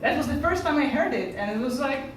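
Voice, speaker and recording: A woman's voice: sits high, fairly quick, slight background noise. Polish-accented woman doing stand-up. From Poland. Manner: animated storytelling, acting out other people's lines. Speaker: stand-up comedian. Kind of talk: stand-up comedy set. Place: comedy club stage. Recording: echoey room from far off.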